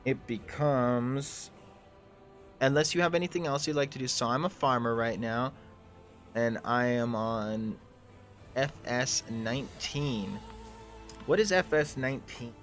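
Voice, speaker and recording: A man's voice: mid-range voice, takes it slowly, soft background music. A man narrating a tabletop game as game master in a loose, rambling way, full of ums and restarts.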